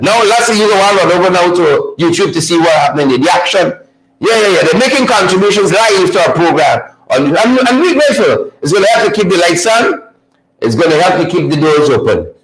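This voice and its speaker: A man's voice: high-pitched, a bit bright, echoey room, rough recording. A man hosting a livestream show, commenting on a video with frequent laughter and mocking repetition. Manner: laughing, mocking, repeats phrases. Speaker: show host.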